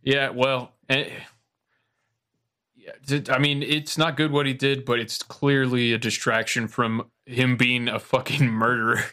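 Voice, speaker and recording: A man's voice: mid-range voice, level tone, unhurried, bright, forceful tone. A man hosting a podcast in casual chat, sarcastic and profane, often laughing. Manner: sarcastic, swears, laughs a lot. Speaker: podcast host.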